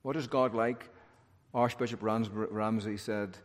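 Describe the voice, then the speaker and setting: A man preaching a sermon in an animated way, with humorous asides. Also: lowish voice, a little slow. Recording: long hall reverb.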